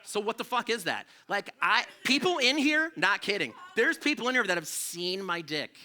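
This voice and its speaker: A middle-aged male stand-up comedian performs a live, loose, profane set on a club stage, rambling in a self-deprecating way. His fairly high voice sounds very bright and forceful, with big pitch swings at a normal speed.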